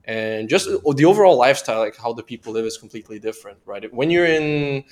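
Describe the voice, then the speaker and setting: A man who grew up in Brazil, calmly explaining lifestyle differences on a podcast. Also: mid-range voice, fast talker. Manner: relaxed, explanatory, ends points with right. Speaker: podcast guest. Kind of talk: casual explanation.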